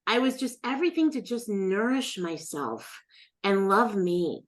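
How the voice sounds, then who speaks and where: A middle-aged woman tells a long personal story in a relaxed interview. Her pitch swings widely as she acts out the other people in the tale. She talks into a podcast mic. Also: measured pace. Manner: animated storyteller, acts out quoted voices. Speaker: guest.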